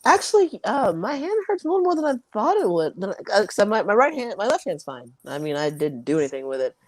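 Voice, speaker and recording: A woman's voice: mid-range voice, big pitch swings, fast. A young woman, a fighter, chatting casually in an interview and laughing easily. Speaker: MMA fighter, guest.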